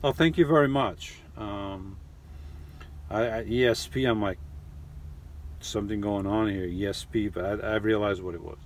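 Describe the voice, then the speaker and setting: A middle-aged man hosting a casual live chat, rambling and halting with lots of restarts and fillers. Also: on the low side, slight background noise. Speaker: live stream host reading chat. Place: lives in New York.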